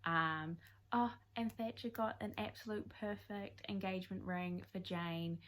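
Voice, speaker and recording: A woman's voice: medium pitch, fairly even intonation, measured pace, fairly bright tone. A woman in her twenties chatting casually in a reading vlog, rambling and self-deprecating as she talks through a book. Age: 20s. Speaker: book vlogger.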